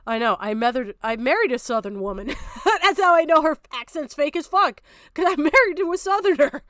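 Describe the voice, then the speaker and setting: A woman's voice: high-pitched, expressive, a little fast, fairly bright tone, no room sound, studio quality. A young woman streamer giving angry, profane reaction commentary, ranting hard and breaking into laughter.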